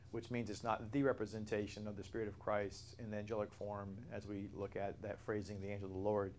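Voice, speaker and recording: Man teaching a Bible study, lowish voice. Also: fairly even intonation, fairly quick, darkish tone, slight background noise. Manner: earnest, explanatory, with restarts and self-corrections.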